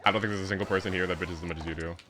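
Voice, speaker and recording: A man's voice: low-pitched, fairly even intonation, very fast, bright, forceful tone, faint music behind. A man streaming a game, chatting casually with a friend over voice chat, stammering, laughing and teasing with frequent swearing.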